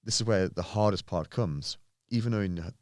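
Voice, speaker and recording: In casual, earnest conversation, an English pro bodybuilder on a podcast tells stories from his own life, imitating others' voices along the way. His voice is fairly low and darkish, his pace moderate, and the audio is clean studio sound without room noise.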